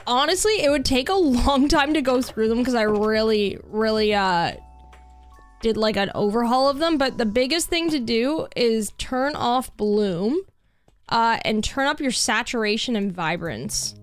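A woman's voice: a little high, measured pace, faint music behind. A Canadian woman streaming a game, chatting casually with her viewers and reading their messages aloud. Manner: chatty, reads chat aloud, laughs easily. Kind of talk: casual chat while gaming.

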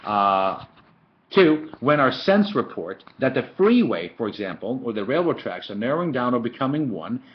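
A man's voice: mid-range voice, sing-song, normal speed. A man teaching a philosophy lesson in a casual lecture style, full of fillers and storytelling asides, recorded on a webcam. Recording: dull lo-fi webcam audio.

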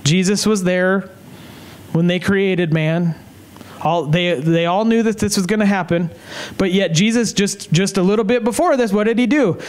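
A man preaching a revival sermon as an evangelist. He speaks fervently, repeats phrases for emphasis and slows down to drive his points home. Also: sits high, rough recording. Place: evening service in a tent.

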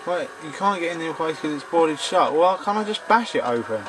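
Excitable gamer with a lively voice. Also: male voice, a little high, brisk, background noise. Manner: excitable, swearing jokingly at the game. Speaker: let's play gamer. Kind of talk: gaming commentary.

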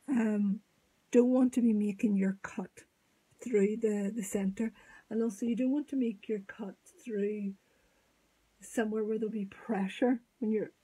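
A woman giving a step-by-step sculpting tutorial, thinking aloud as she works, halting and often dropping to a murmur. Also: mid-range voice, dark tone, breathy edge, rough recording. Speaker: sculpting teacher.

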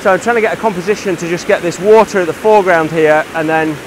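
A man's voice: high voice, fast talker, noisy background. Enthusiastic English man vlogging outdoors. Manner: enthusiastic, talks while hiking and shooting. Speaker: landscape photography vlogger. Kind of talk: casual outdoor vlog narration. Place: outdoors on a mountain by a river.

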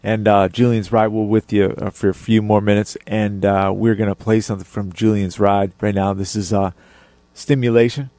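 A man's voice: fairly low pitch, little pitch movement, moderate pace, warm tone, no room sound. A man hosting a radio interview, who mostly backs up his guest with short replies and asks questions. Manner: brief affirming replies. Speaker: radio host.

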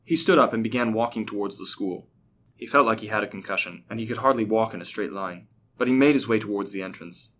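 A man reading a fictional story aloud as a steady, even narrator. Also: fairly low pitch, quick pace.

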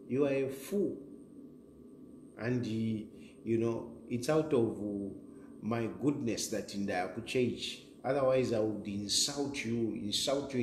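A man's voice: lowish voice, a little mellow. A middle-aged Zambian man hosting a direct-to-camera political monologue, combative and repetitive, switching between English and Bemba. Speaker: political commentator, show host. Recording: roomy echo, faint background hiss.

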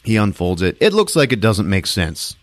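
A man hosting a podcast, retelling a movie in a jokey, laughing, animated way. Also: fairly low pitch, moderate pace. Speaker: podcast host. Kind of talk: casual movie recap.

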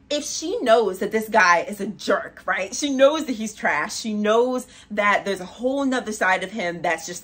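A woman hosting a music reaction video, talking in a casual, chatty way full of "like" and quick laughs. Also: on the high side, husky. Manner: chatty, animated, frequent "like" and laughs. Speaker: music reaction channel host.

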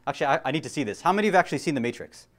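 A man's voice: on the high side, very animated, very fast. Chatty, joking man giving a religious lecture. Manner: joking, chatty, asks the audience questions. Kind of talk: casual Muharram lecture.

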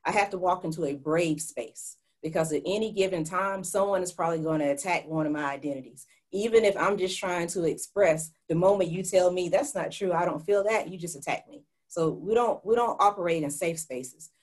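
A woman professor gives advice on an online panel in a slightly low voice. She speaks directly and with emphasis, repeating her key points. The sound comes through a video call. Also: fairly quick, few pauses. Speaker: psychology professor. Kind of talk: webinar panel discussion.

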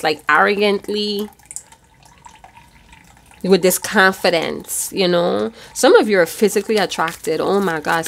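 A woman giving a casual tarot reading, chatty and loose, with casual swearing. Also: lowish voice. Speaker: tarot reader.

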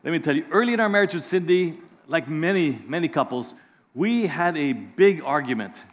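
Pastor, middle-aged male, high voice, animated preaching with acted-out voices. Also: normal speed. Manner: lively preacher, acts out voices in anecdotes. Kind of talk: sermon.

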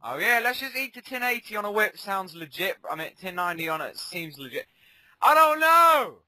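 Ranting young gamer, bright voice. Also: male voice, high-pitched, brisk, no echo, poor audio. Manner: rants and shouts in sudden bursts, mutters asides. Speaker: gaming commentator. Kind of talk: casual game commentary.

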